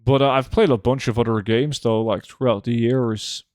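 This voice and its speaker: A man, streaming a game and chatting casually with viewers, relaxed and full of fillers. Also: medium pitch, normal speed, no echo, studio quality. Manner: relaxed, answers chat with many fillers. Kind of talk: casual live-stream chat.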